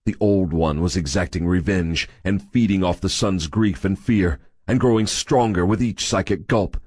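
Deep raspy guy reading a book, dry close mic, steady pace. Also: no echo. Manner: measured, steady storytelling. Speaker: audiobook narrator. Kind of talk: scripted narration.

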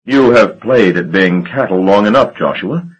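A man voicing Damon Julian, a cruel, languid ancient male vampire lord, speaking in a silky, mocking, unhurried way. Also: fairly low pitch, animated, husky, dull audio. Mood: menacing.

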